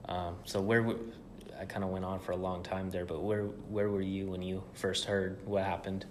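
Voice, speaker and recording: A man's voice: deep voice, flat delivery, normal speed, slight background noise. A young man co-hosting a podcast, telling stories in a loose, rambling way with plenty of swearing. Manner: loose, profane, rambling storytelling. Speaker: podcast co-host. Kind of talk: casual chat.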